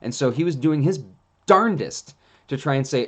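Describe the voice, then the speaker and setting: A man hosting a casual monologue, telling rambling, animated stories with plenty of fillers. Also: fairly high pitch, moderate pace. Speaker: host.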